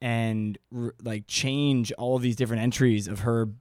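A man's voice: mid-range voice, steady tone, moderate pace, darkish tone, dry recording, clean studio sound. A man co-hosting a podcast, chatting casually, swearing freely and retelling stories. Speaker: podcast co-host. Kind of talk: casual chat.

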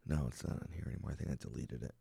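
A man guesting on a comedy podcast, joking casually with quick interjections and frequent laughter. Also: a bass voice, steady tone, vocal fry, mellow, breathy edge, no echo, clean studio sound. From Chicago area.

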